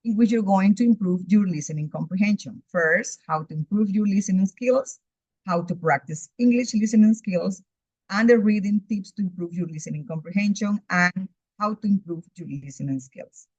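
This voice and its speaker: A woman's voice: mid-range voice, normal speed, a little mellow, breathy edge, no room sound. A woman teaching English, whose first language is Spanish, reading methodically through a course outline in a recorded overview. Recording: dull lo-fi recording, dry.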